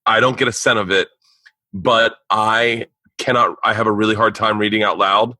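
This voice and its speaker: A middle-aged man hosts a casual podcast chat with a bright, forceful voice. He tells stories with lots of swearing and acts out everyone he quotes. The sound is dry and close. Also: fairly low pitch, moderate pace, no room sound. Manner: animated storyteller, acts out quotes, swears a lot. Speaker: podcast host. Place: living room of a house.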